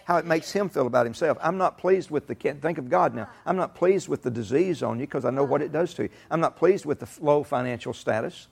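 A middle-aged pastor preaches a folksy, emphatic sermon that rises to shouts and laughter. His voice is on the high side, creaky with a breathy edge, and he talks quickly with hardly any pauses.

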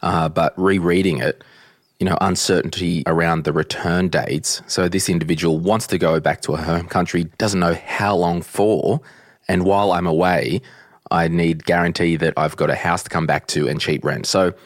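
A man's voice: low voice, normal speed, no echo, clean studio sound. A man hosting a podcast in a casual, chatty way, ranting bluntly at times. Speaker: podcast host.

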